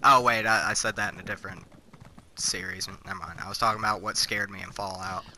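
A man's voice: lowish voice, fairly even intonation, fast, sharp tone, a little hiss or hum, rough recording. A man giving casual let's-play commentary, confused and blunt, swearing freely. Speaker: gamer, let's-play host. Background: faint game music.

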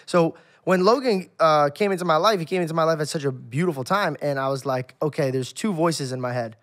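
Fast talking podcast dude, high-ish voice, acts out all the quotes, swears lots. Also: male voice, fairly bright tone. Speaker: podcast co-host. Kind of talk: casual podcast chat. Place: podcast studio.

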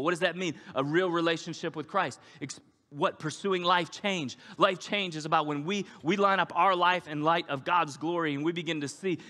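A man preaching a sermon as a pastor, animated and acting out the voices of the people he quotes. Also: fairly high pitch. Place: church sanctuary. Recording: long hall reverb.

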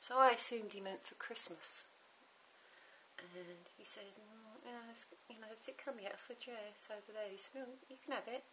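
A woman's voice: mid-range voice, steady tone, normal speed, sharp tone, poor audio. A middle-aged woman, chatting and rambling through a home crafting tutorial, muttering to herself as she works. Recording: home camera recording with faint hiss.

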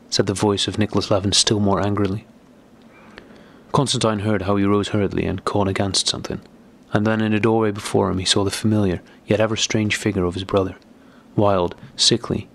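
A man narrating a classic novel as an audiobook in a measured, deliberate reading. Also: fairly low pitch, flat delivery, vocal fry.

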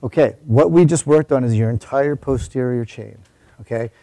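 A man coaching a workout, a bit winded from the effort. His voice is mellow and warm, and the sound is dry with no room around it. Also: medium pitch, moderate pace, no room sound. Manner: giving instructions while exercising. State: out of breath. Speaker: fitness trainer. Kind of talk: coaching a workout while talking.

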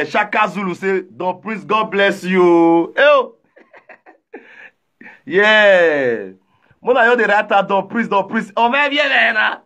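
A man with a Nigerian accent, chatting live and reading viewer comments aloud, animated, often shouting and repeating himself. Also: high-pitched, highs cut off. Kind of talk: casual live-stream chat.

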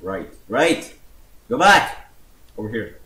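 Young male gamer host, excitable, foul-mouthed, unhurried between scares; roomy sound, music behind. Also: on the low side. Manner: excitable, cursing, shouting at scares. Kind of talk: casual horror game commentary. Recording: echoey with game music.

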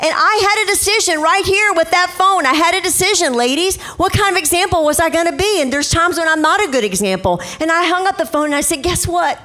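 A woman's voice: very high-pitched, fast talker, hardly any pauses. A middle-aged woman pastor preaching a sermon, telling family stories and acting out the voices in them. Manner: animated storytelling, acts out quotes. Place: church stage.

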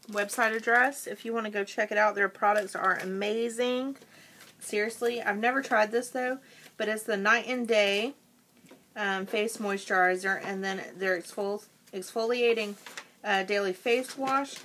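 Woman vlogger, relaxed unhurried delivery, sharp bright tone, casual haul chatter while snacking. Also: mid-range voice, a little hiss or hum. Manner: chatty, eats and chews while talking. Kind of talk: casual product haul chat.

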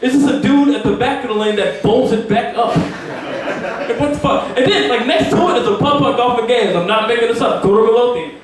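A high-pitched man does crude open mic stand-up in a pub, chuckling at his own lines. He is picked up from far off in a very echoey room, with the crowd clearly heard around him. It sounds like a rough live bar recording. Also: brisk. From Virginia, US. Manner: brash, profane, laughs at his own jokes. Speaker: stand-up comedian.

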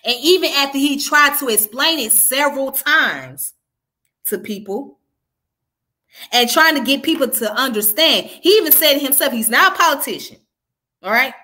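A woman's voice: high voice, expressive, normal speed, bright, forceful tone. Frank Southern-accented woman vlogger. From Southern United States. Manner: frank, conversational, repeats points for emphasis. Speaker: vlogger answering comments. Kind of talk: casual livestream commentary.

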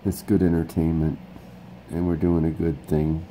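A man's voice: extremely low pitch, flat delivery, normal speed, dark tone, a little hiss or hum, rough recording. A man hosting a casual vlog, chatting in a rambling, upbeat way with a bit of pep talk. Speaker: vlog host.

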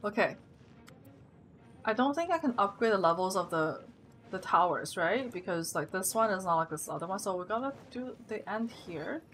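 A woman's voice: medium pitch, moderate pace. Woman streamer narrating her gameplay. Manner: thinks aloud, gets loud and excited when things go wrong. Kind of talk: live gameplay commentary.

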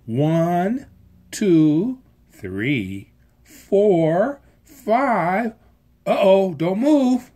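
A volunteer reader voicing a caring mother frog who speaks gently but with raised energy. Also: mid-range voice, sing-song, extremely slow, voice pushed up, heavily acted. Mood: soothing.

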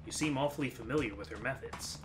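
A man voicing a stoic, gruff male brawler who talks low and deadpan. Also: quick pace, over music, close to an everyday voice.

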